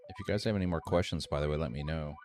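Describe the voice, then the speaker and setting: A man teaching a live screen-share tutorial, thinking aloud in a relaxed way with ums and restarts. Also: rumbling low, rapid-fire. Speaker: streamer teaching AI animation. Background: faint music.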